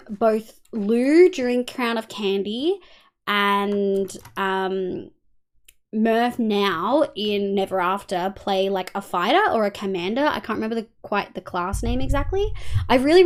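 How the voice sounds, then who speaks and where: A woman's voice: mid-range voice, unhurried. An Australian woman live-streaming a game, chatting casually with viewers, thinking aloud and swearing freely. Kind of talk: casual gameplay chat answering viewers.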